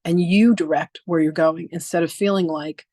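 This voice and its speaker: Animated woman in her sixties teaching. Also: on the low side, moderate pace, no echo. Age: 60s. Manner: animated storytelling, acting out quoted exchanges; frank and emphatic, with occasional swearing. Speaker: spiritual teacher. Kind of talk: live online masterclass talk.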